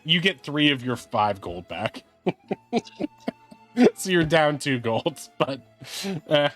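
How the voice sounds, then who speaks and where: A man's voice: on the high side, expressive, a bit bright, soft background music. Laid-back, laughing man narrating as game master. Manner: laughing, unhurried narration with many fillers.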